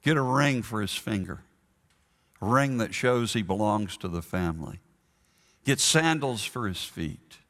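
A man's voice: fairly low pitch, lively intonation, unhurried, a bit bright, in a large hall. A man voicing a forgiving elderly father who welcomes his son home, speaking tenderly and emphatically.

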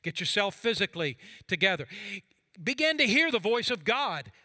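A man, a pastor, preaching a sermon, moving from fervent passages to hushed quiet ones and reading scripture aloud with drama. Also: sits high, sing-song, moderate pace, dry recording.

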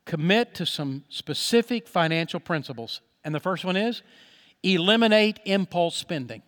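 A man preaching a sermon on money to his congregation, earnest and emphatic, slowing on key words and dropping soft when he voices a prayer. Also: sits high, expressive, big-room sound. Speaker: pastor.

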